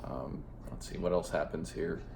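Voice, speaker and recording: A man's voice: rumbling low, steady tone, moderate pace, gravelly, echoey room, noisy background. A man giving a casual spoken movie review, rambling and profane, with lots of filler words.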